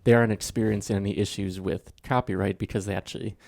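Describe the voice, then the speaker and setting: A man co-hosting a relaxed podcast, easygoing as he guides the conversation and laughs often. His voice has a strong gravelly fry at a middle pitch. The sound is close and dry. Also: quick pace, no room sound. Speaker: podcast co-host. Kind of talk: casual podcast chat.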